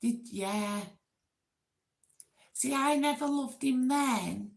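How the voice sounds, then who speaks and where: Lady rambling to her stream chat, slow and gravelly, giggly. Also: high voice. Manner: chatty, giggly, rambling, self-deprecating. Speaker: livestream host. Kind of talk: casual chat with viewers.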